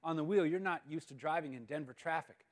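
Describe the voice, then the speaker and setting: A man quoting his girlfriend from a story, a calm young woman gently coaxing him. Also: on the high side, fast, in a large hall, lightly acted.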